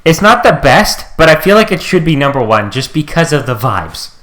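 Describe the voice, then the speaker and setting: A young man chatting on a podcast, joking around with animated, exaggerated rants. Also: a little high, moderate pace. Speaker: podcast co-host. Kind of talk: casual chat.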